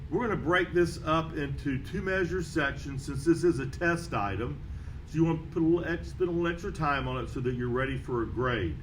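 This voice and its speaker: A band teacher with a slightly high voice moves fairly quickly through a beginner trumpet lesson, steadily counting off and naming notes. There's a little hiss or hum, and the recording quality is low.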